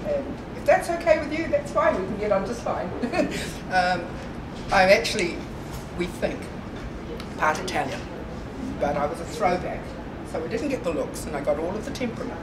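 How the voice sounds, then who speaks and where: A woman's voice: medium pitch, lively intonation, normal speed, crowd noise. A woman chatting through a personal story at a library morning tea, self-deprecating, laughing often and full of ums. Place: library meeting room. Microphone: distant room recording. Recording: echoey room from far off, with background noise.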